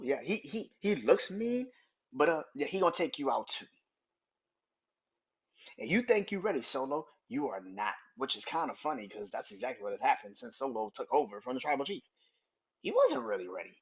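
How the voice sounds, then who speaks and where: A man's voice: a little high, normal speed, breathy edge. A man hosting a wrestling podcast, talking casually and with energy, swearing freely and acting out what others said. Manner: animated, swears freely, acts out quotes. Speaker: podcast host. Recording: dull lo-fi recording.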